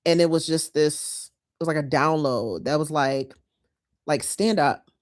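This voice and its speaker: Woman vlogger, low voice, chatty and heartfelt, talking straight to her viewers. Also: measured pace. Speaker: lifestyle vlogger. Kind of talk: casual chat to viewers.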